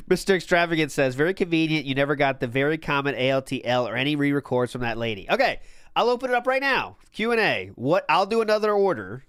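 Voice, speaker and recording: Stream host, man, slightly high voice, sarcastic and profane, dry close sound. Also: sing-song, quick pace, fairly bright tone, no room sound. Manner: sarcastic, profane, laughs often. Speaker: watch-party host. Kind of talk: casual live-stream commentary.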